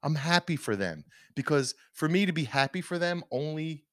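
A man co-hosts a casual opinion podcast, ranting emphatically and restarting often. His voice is fairly high, expressive and bright, at a moderate pace, with clean studio sound and no room echo.

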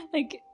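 A woman's voice: mellow, lo-fi sound. A young woman hosting a podcast, chatting casually through an episode recap with plenty of fillers and frequent laughs. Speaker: podcast host.

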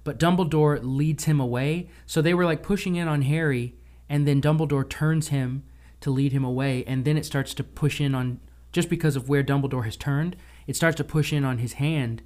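A man co-hosting a casual film discussion podcast, chatty and retelling scenes with quick impressions. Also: a little high, steady tone, darkish tone. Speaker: podcast co-host.

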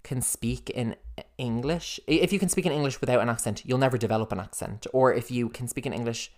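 Young male co-host, rapid-fire, sassy, profane, animated. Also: mid-range voice. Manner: animated, sassy and profane, quick to take mock offence. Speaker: podcast co-host. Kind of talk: casual chat.

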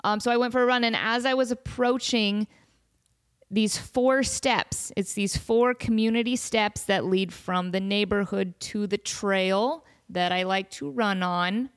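A woman's voice: mid-range voice, unhurried. A young woman hosting her podcast who rambles on in a casual, playful way. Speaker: podcast host.

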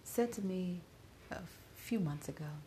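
A middle-aged woman podcaster giving a personal spoken reflection while grieving, often dropping to a soft whisper. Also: on the low side, animated, a little slow, slight background noise.

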